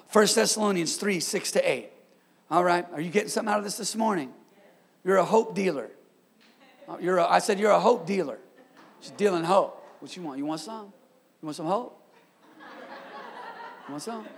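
A man, a pastor, preaching a sermon with energetic call-and-response and street slang. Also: high voice, vocal fry, slightly rough, in a large hall.

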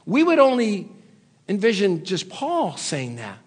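A man delivers an impassioned sermon in a high, breathy voice. He sinks to low, quiet stretches and then climbs to loud, raised pleas. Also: huge pitch swings, unhurried. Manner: impassioned, swings between hushed low lines and loud raised ones. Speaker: preacher.

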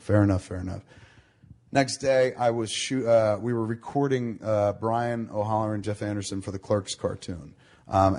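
A middle-aged man telling a long story in casual talk, swearing freely and acting out the people he quotes. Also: lowish voice. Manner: swearing, animated storyteller quoting others. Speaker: podcast host.

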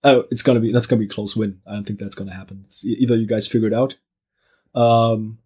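A man's voice: lowish voice, steady tone, quick pace, mellow, husky. A man answering interview questions as a podcast guest, hesitant and searching for words. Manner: hesitant, many fillers and restarts.

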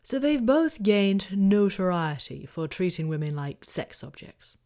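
A woman hosting a podcast, reading a prepared essay in a measured, analytical way, often dropping to a near-whisper at the ends of phrases. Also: mid-range voice, sing-song, dark tone. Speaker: podcast host.

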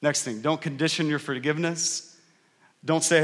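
A man's voice: a little high, normal speed, fairly bright tone. Male pastor, thirties, conversational sermon, asks "right?" a lot, reverberant church hall. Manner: conversational preaching, often asks the crowd "right?".

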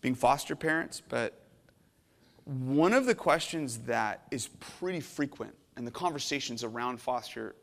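A middle-aged man preaching a sermon as a pastor, earnest and emotional, swinging from hushed to intense. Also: mid-range voice, animated, measured pace, gravelly, in a large hall. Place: church sanctuary.

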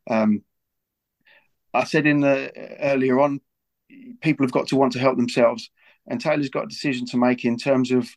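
A man speaking in an earnest, unhurried way about his football club, stumbling over and repeating words. His voice is gravelly with a flat, level delivery that barely rises or falls. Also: medium pitch. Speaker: football club figure as guest. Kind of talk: casual podcast talk.

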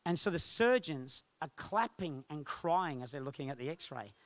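A male pastor telling a personal testimony in a sermon, animated and acting out the voices of others. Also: on the high side, moderate pace, dry recording. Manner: animated storytelling, acts out quoted voices.

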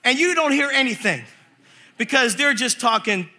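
High, bright-voiced animated preacher man. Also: moderate pace. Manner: animated storytelling with acted quotes and laughter. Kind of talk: lively comic sermon. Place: church in front of a congregation.

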